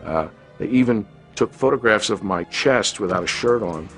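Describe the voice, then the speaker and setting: A man in his fifties speaks in a deep, low register, recalling his days on a film set. He is unhurried and reflective, with soft music playing faintly underneath. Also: expressive. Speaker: actor recalling a film shoot. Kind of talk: interview anecdote.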